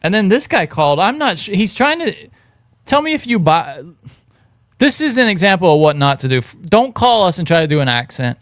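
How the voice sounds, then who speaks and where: A man's voice: high voice, sing-song, a little fast, a bit bright, no room sound, clean studio sound. A man hosting a podcast in casual chat, laid-back and skeptical. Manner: laid-back, skeptical, reads results aloud. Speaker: podcast host.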